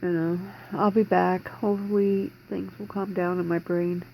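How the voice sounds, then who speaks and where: A woman's voice: fairly low pitch, flat delivery, moderate pace, gravelly, warm tone, a little hiss or hum, low-quality recording. A woman in her forties talking in a rambling, distressed way in a personal video diary from home, holding back tears. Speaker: vlogger.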